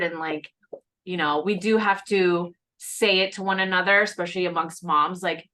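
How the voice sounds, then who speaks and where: A woman's voice: lowish voice, steady tone, normal speed, bright, forceful tone. A woman hosting a casual conversation over a video call, speaking in a chatty, reassuring way with many fillers. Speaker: host.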